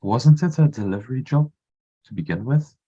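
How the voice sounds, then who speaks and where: A man's voice: mid-range voice, lively intonation, moderate pace, dark tone, husky, lo-fi sound. A man playing a tabletop game who keeps raising skeptical questions. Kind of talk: casual chat at a game table.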